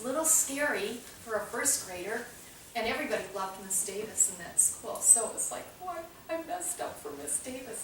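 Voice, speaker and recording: Woman, storytelling group leader, echoey room from afar, noisy. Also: fairly high pitch. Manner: warm storyteller, acts out voices in the anecdote. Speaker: parenting class leader. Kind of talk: teaching a small group, storytelling. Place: meeting room with a small group. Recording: roomy, distant, noisy room recording.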